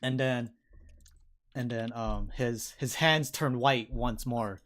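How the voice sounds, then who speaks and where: A man's voice: mid-range voice, slow, fairly bright tone. A man running a tabletop game as dungeon master, narrating the fight play by play with sound effects and casual swearing.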